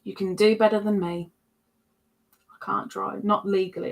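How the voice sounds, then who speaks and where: A woman's voice: mid-range voice, little pitch movement, moderate pace, gravelly. A woman hosting a livestream, chatting casually and reading out viewer comments in a rambling way. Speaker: livestream host.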